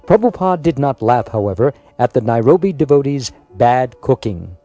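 A man reading a biographical story aloud in a measured, scripted narration. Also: mid-range voice, very animated, dark tone, dry recording, faint music behind. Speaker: audiobook narrator.

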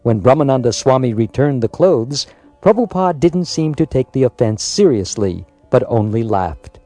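Lively, mellow-voiced male storyteller. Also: medium pitch, normal speed, dry recording. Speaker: audiobook narrator. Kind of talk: scripted biographical narration.

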